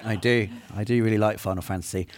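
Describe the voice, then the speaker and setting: A man's voice: fairly low pitch, steady tone, fast talker, no echo, clean studio sound. Enthusiastic man chatting on stage. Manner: enthusiastic, rambling. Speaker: podcast co-host. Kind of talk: live podcast chat on stage. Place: stage before a live audience.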